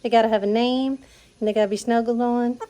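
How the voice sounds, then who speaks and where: A woman with a Southern US accent talking casually for a farm vlog, often slipping into soft baby talk with her animals outdoors. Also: fairly high pitch, steady tone, fast. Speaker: farm vlogger. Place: outdoors on a farm with goats and chickens.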